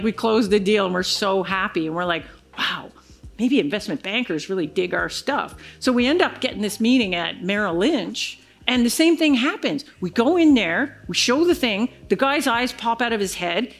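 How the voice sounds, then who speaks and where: A woman giving a conference keynote, telling a business story and acting out the other people's lines. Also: on the high side. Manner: animated storyteller acting out quoted dialogue. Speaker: keynote speaker. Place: large conference hall stage.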